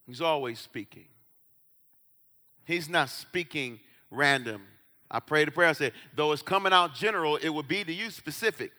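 A man preaching a sermon as pastor, swinging between quiet, low asides and loud shouts, and acting out the voices of Bible characters. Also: normal speed. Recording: hall reverb.

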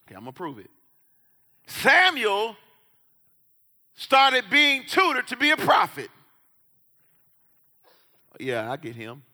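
High bright-voiced preacher in a reverberant hall. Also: male voice, huge pitch swings, slow, long pauses. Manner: preaching, swings between quiet asides and shouts, acts out Bible voices. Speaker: pastor. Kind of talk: sermon.

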